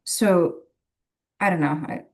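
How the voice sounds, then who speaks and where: A woman's voice: lowish voice, slow pace. A woman who works as a medium, telling a rambling story in a casual, chatty way and laughing often between phrases. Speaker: professional medium.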